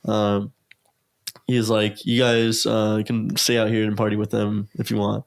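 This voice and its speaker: A man's voice: on the low side, completely flat delivery, measured pace, creaky. A young man in casual podcast talk, telling a long story full of fillers and acted-out quotes. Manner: rambling, filler-heavy, acts out quotes. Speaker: guest.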